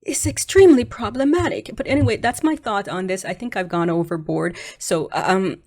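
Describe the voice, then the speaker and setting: A woman's voice: on the low side, expressive, normal speed. Frank, hesitant woman vlogger. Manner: hesitant, many fillers and restarts, frank. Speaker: channel host. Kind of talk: casual opinion commentary.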